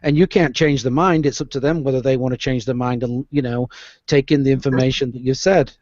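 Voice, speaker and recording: A man's voice: medium pitch, fairly even intonation, a little fast, a little mellow, no room sound. A man in a casual online chat, agreeing and explaining his view at length. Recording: dry, dull lo-fi sound.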